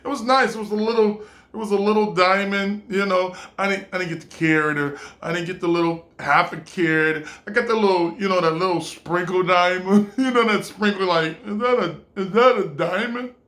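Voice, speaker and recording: A man's voice: high voice, fairly even intonation, a little fast, fairly bright tone. A man in his twenties telling a casual personal anecdote, rambling, full of "like" and laughing often. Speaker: storyteller.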